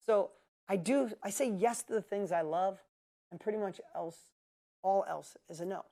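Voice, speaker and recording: A man's voice: sits high, normal speed, mellow. Blunt, emphatic male coach. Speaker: business coach and host. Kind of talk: live coaching Q&A.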